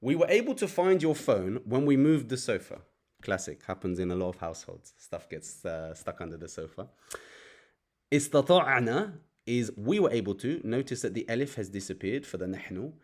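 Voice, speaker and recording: A man's voice: mid-range voice, sing-song, brisk, darkish tone. Man explaining grammar step by step. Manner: explanatory, breaks sentences down word by word with fillers. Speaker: Arabic teacher. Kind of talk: grammar lesson.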